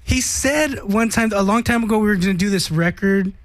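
A man's voice: high-pitched, brisk, dry recording. A man who is a guest musician, telling stories in casual chat, swearing freely and acting out what others said. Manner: animated storytelling, profane, acts out quotes.

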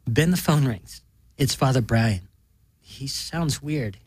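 Husky deadpan male narrator. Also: medium pitch, slow pace, no room sound. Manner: deadpan, matter-of-fact. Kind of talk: deadpan story reading.

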